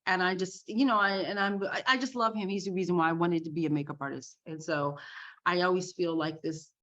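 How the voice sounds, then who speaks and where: A woman guest telling a story in a casual, animated way, laughing along. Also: on the low side, fairly quick. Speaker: podcast guest, makeup artist. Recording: dull lo-fi sound.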